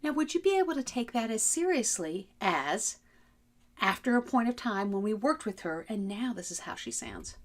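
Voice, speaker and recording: A woman giving an instructional talk as a communication trainer, lively and melodic, demonstrating voices as she goes. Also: medium pitch, moderate pace.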